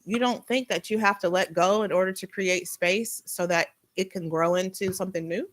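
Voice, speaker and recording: A young adult woman giving a casual spiritual tarot reading, blunt and animated, swearing freely as she talks. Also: medium pitch, normal speed, low-quality recording. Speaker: tarot reader.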